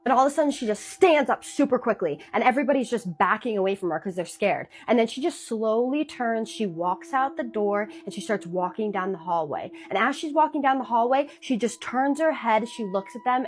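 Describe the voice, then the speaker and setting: A woman narrating a true scary story in a chatty, dramatic storytime manner. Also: medium pitch. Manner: chatty, dramatic retelling with pauses.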